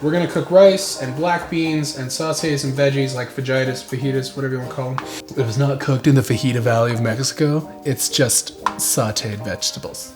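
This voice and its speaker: Joking, profane young man cooking at home. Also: a little high. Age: 20s. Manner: joking, profane, self-mocking. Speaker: cooking vlog host. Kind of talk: casual cooking tutorial. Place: home kitchen.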